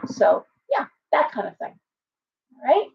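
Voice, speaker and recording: A woman's voice: high-pitched, wildly swooping pitch, measured pace, creaky. A woman giving a casual live tarot reading, blunt and chatty, full of asides and restarts. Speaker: tarot reader. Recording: distant, dull lo-fi sound.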